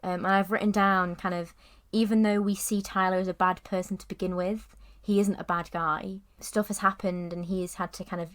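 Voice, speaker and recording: A young woman co-hosting a film podcast, talking in a chatty, giggly way. She keeps reaching for "like" and "kind of" as she thinks aloud. Her voice sits at an everyday middle pitch. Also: little pitch movement, fairly quick, few pauses. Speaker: podcast co-host. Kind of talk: casual film review chat.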